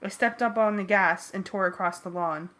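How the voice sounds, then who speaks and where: A woman reading an adventure novel aloud in first person, lively and wry. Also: mid-range voice, moderate pace. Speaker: audiobook reader. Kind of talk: first-person audiobook narration.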